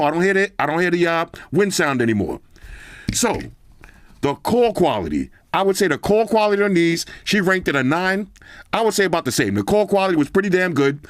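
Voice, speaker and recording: Reviewing earbuds for his channel, a man with a slightly high voice talks directly to viewers in casual slang. The recording is dry, with a clean studio sound.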